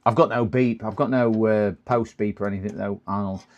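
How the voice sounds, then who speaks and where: A man's voice: on the low side, steady tone, fairly quick, a little mellow, muffled recording. A man casually talking through a computer repair on a live stream, muttering to himself and chatting with viewers. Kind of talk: casual running commentary while working.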